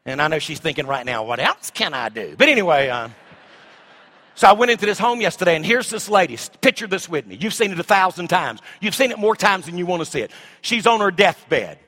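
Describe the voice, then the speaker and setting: High, bright-voiced preacher man. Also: sing-song, brisk. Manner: swings from shouting to hushed asides. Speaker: pastor. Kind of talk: sermon.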